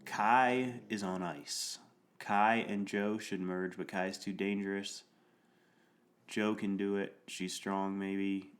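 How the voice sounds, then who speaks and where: A man co-hosting a podcast, recapping a TV episode in a slow, halting way with lots of fillers. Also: sits low, level tone. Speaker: podcast co-host. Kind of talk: casual chat recapping a TV episode.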